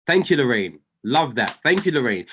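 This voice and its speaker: A man's voice: medium pitch, big pitch swings, normal speed, fairly bright tone, slight background noise. Fervent male coach repeating his points. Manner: fervent, repeats lines for emphasis, addresses listeners by name. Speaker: trading coach. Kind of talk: motivational group call.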